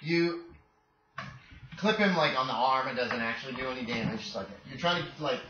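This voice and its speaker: A man narrating as game master in a casual, halting way with many fillers. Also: medium pitch. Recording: echoey, dull home recording with background noise.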